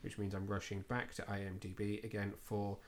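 A man's voice: fairly low pitch, completely flat delivery, brisk. A man hosting a casual podcast, reviewing a film in a chatty, self-deprecating way with plenty of fillers. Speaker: podcast host.

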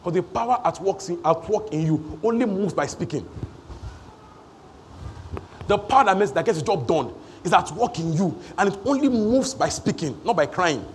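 A man preaching a sermon in church. He repeats phrases for emphasis and swings between shouting and hushed asides. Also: high voice, lively intonation, moderate pace, a little hiss or hum. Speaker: pastor.

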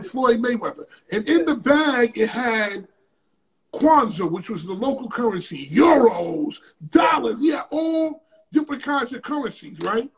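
A man with a strikingly high, raspy voice recounts a story as an interview guest. He swears freely and tells it in an animated, casual way, often jumping into loud outbursts. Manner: profane, animated storyteller with sudden loud bursts.

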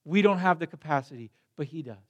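A man's voice: fairly high pitch, expressive, fast, lo-fi sound. A young adult man preaching a sermon as a pastor, telling a story in a conversational way that builds to emphatic passion.

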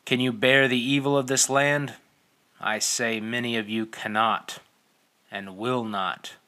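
A man voicing a wild old prophet, slow and loud. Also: mid-range voice, fairly even intonation. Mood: fervent. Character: wild old male prophet, fervent and commanding.

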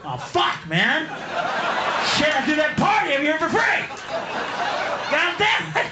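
A man on stage voicing a whooping old male country singer hollering party invitations, in an echoey room with a loud audience. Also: very high voice, huge pitch swings, unhurried, far from the mic, over a noisy crowd, very noisy, voice pushed up, exaggerated voice. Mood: dismayed.

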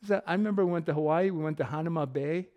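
A man's voice: a little high, very fast, a little mellow. A middle-aged man giving a casual sermon full of personal stories, joking and laughing often. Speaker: pastor.

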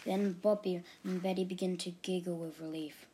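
A woman reading a children's book aloud in a steady, expressive storytelling manner. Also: lowish voice, normal speed, few pauses, slight background noise. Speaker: reader.

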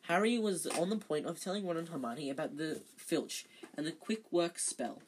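Reading a novel aloud casually, this amateur slips up now and then and fixes the mistakes. Their voice sits in the mid-range at a normal speed, and there's slight background noise.

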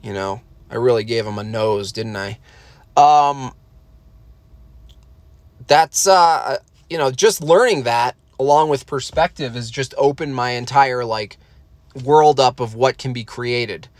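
A man streaming as he draws, talking in a rambling way with deadpan jokes and trailing fillers. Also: mid-range voice, slow pace, dry recording. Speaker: artist streaming while drawing. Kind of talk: casual rambling stream chat.

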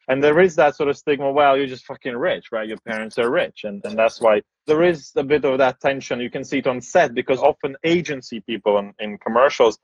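Podcast host, man, frank and casual, a touch husky, dry dull sound. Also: mid-range voice, no echo. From post-Soviet Eastern Europe. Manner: blunt, relaxed, swears casually. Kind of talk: casual conversation.

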